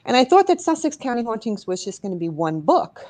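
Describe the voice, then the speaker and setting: A middle-aged woman from New York, a guest author and paranormal investigator, telling an emotional personal story in a studio. She is expressive, rising and dropping her voice as she goes. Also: fairly high pitch, a little fast. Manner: expressive, rises and drops as she tells the story.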